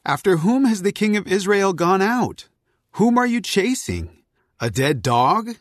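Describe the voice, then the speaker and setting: An earnest young warrior pleads with passion in a dramatized scripture reading. His voice rises and falls widely and sits a little high. The recording is dry and close. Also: big pitch swings, unhurried, dry recording. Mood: pleading.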